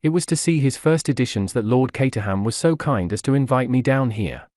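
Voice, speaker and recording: A man voicing a slow-drawling American gentleman, polite and genteel, with an American accent. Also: mid-range voice, lively intonation, no room sound, clean studio sound, close to an everyday voice. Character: slow-drawling American male art collector.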